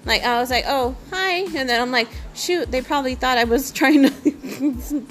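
A woman's voice: high-pitched, fairly even intonation, moderate pace, fairly bright tone, faint music behind. A young woman telling a rambling story to the camera, full of fillers and frequent giggles. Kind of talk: casual storytelling.

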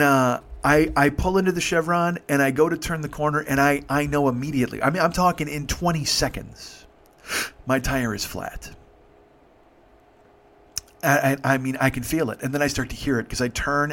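A man in his fifties telling a story casually, swearing freely and stopping to restart his sentences. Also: fairly high pitch. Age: 50s. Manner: profane, halting, animated. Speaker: podcast host.

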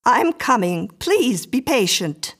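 A woman's voice: a little high, very animated, slow pace, a bit bright, breathy edge, pitched above the performer's own voice, full character voice. A woman voicing a timid, flustered older woman who talks hesitantly and nervously in a storybook reading.

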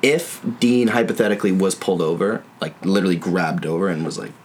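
A young man with a lowish voice, trading laid-back jokes with friends. He teases and swears casually, with no rush. A faint hiss runs underneath. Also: fast talker, darkish tone. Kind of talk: casual chat.

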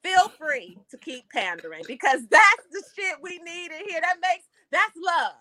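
High bright woman in playful banter. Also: a little slow. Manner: expressive, laughing, playfully profane. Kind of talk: casual podcast banter.

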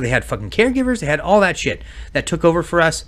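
A man's voice: on the high side, very animated, fast, fairly bright tone. A man co-hosting a casual podcast, ranting heatedly and swearing a lot. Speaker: podcast co-host.

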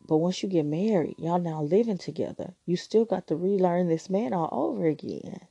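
A woman's voice: low-pitched, vocal fry, warm tone, husky, no room sound, muffled recording. A woman hosting a relationship advice podcast, talking frankly and teasingly in a casual monologue.

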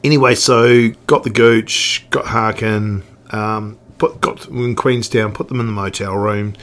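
Rambling New man, lowish voice. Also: fairly even intonation, a little slow, a bit bright. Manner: rambling, many restarts and swearing. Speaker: guest. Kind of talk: casual storytelling chat.

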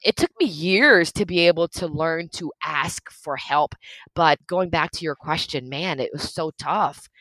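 A woman's voice: low voice, a little slow, fairly bright tone, no echo. A woman in her thirties telling her own story as an interview guest, earnest and emotional, laughing often. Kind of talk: candid interview conversation.

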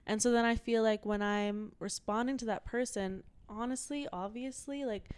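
A woman guest on a podcast in casual chat, an animated storyteller who acts out her own thoughts. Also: on the high side, normal speed, smooth.

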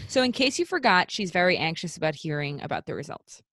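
A woman's voice: fairly low pitch, sing-song, fast talker, a bit bright, no room sound, clean studio sound. A young woman co-hosting a podcast, recapping a show in casual, sarcastic chat with many fillers.

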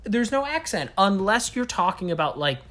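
A woman's voice: mid-range voice, very animated, moderate pace, fairly bright tone. A young adult woman co-hosting a casual chat, rambling and searching for words as she talks. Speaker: podcast co-host.

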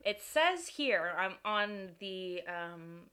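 A woman's voice: medium pitch, expressive, very slow, sharp tone, clear, resonant tone. A woman co-hosting a podcast in casual chat, giggly and rambling, poking fun at herself while sharing one microphone. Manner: giggly, rambling and self-deprecating. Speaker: podcast co-host.

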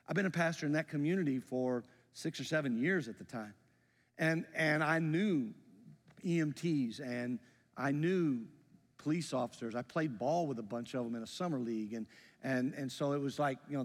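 A man's voice: a little high, big-room sound. A man, a pastor, telling a story in a sermon, earnest, often stopping and repeating words.

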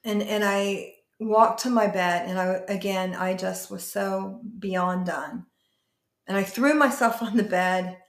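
A woman pastor telling her personal testimony in an interview, earnest and emotional, often halting and restarting. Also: mid-range voice, fairly even intonation, roomy sound.

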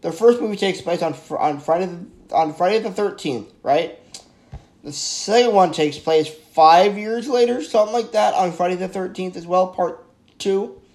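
A man talks through a horror film review in a loose, excitable ramble. He keeps tripping over his words and backtracking, and his voice sits a little on the high side. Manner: excitable, rambling, stumbles and corrects himself.

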